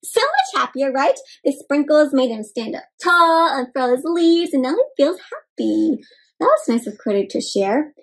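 A woman reading a picture book aloud to young children in an animated way, often stopping to ask them questions. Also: sits high, normal speed. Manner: animated, asks the listeners questions, gasps. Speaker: storyteller for children. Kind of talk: interactive read-aloud for kids.

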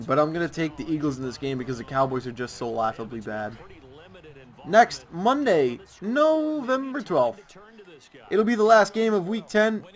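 A young man giving football picks over gameplay in a sarcastic, ranting way, drawing out words for emphasis. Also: on the high side. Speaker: YouTuber making predictions. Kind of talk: casual commentary over gameplay.

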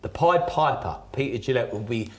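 A man's voice: mid-range voice, expressive, moderate pace. A man telling his personal story as a podcast guest, blunt and emphatic, swearing heavily.

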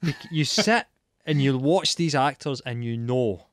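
A man's voice: medium pitch, lively intonation, a little slow, no echo, clean studio sound. A man on a casual panel chat, ranting animatedly and slipping into mocking impressions.

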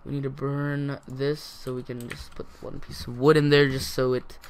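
A teenage boy casually commenting on his own gameplay, talking to himself in a rambling way with sudden excited outbursts. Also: mid-range voice, normal speed, smooth. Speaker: gaming channel host.

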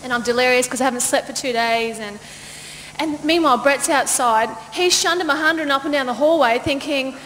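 Woman, pastor, storytelling sermon, high voice, long hall reverb, faint background noise. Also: a little fast. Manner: lively, laughing, acts out quoted voices. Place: church auditorium.

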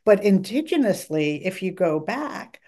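A woman's voice: mid-range voice, measured pace. A middle-aged woman dietitian, a podcast guest, talking eagerly and acting out her patients' words. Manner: enthusiastic, talkative, quotes patients in lively voices. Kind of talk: podcast interview.

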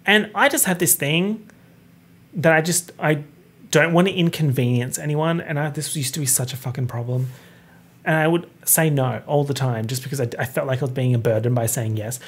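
A young man chats on his own podcast with a soft, breathy voice. He talks in a lively, campy and expressive way and swears freely. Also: fairly high pitch, normal speed. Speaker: podcast host. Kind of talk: casual solo podcast chat.

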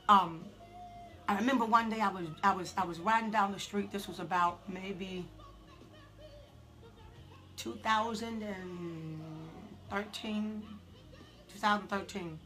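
A woman preaching a sermon, telling a halting, emotional testimony and building to shouted preaching. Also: medium pitch, steady tone, faint music behind.

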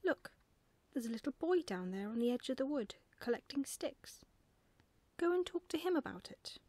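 A woman's voice: big pitch swings, normal speed, no room sound. A woman whispering as a patient mother owl. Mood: calm. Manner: gentle, patient, low-key. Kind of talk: whispered role-play.

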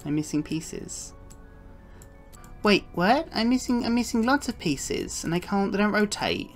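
A woman's voice: medium pitch, animated, a little slow, soft background music. A woman streaming a puzzle game, chatting along and cooing to the cats on screen with little giggles. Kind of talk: live gameplay commentary.

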